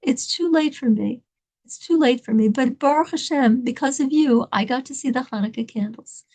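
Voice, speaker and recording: Woman playing stern old male guru, quiet earnest tone, high-pitched teller's voice. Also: moderate pace. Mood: resigned.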